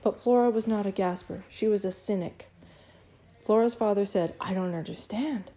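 A woman reads a children's novel aloud with a mellow, relaxed voice. Her delivery is expressive and animated, with the odd stumble left in. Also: mid-range voice, moderate pace. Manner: lively and expressive, with occasional stumbles. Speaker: narrator. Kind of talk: audiobook narration.

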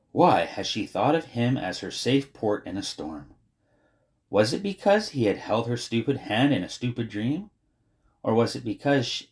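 A man narrating a children's novel as an audiobook, in an expressive, wry way. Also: lowish voice. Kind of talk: storybook narration.

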